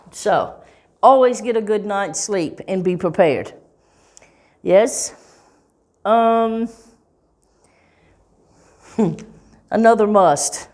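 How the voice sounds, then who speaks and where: Slow, deliberate woman teaching English. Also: mid-range voice, a little mellow. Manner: deliberate, stretches key words, checks in with "okay?" and "right?". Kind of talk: slow, clear teaching talk.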